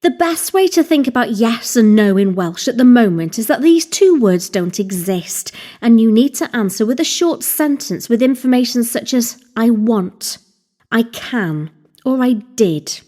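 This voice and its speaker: A woman narrating a scripted Welsh language lesson, slowly spelling out words and examples. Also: fairly high pitch, animated, mellow. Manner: slow, deliberate, spelling out vocabulary.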